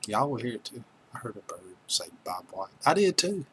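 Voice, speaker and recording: A man's voice: mid-range voice, very animated, a little fast, fairly bright tone, slight background noise, rough recording. Joking man chatting on a stream. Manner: chatty, joking, reads viewer names aloud. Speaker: livestream host. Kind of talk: casual chat with live viewers.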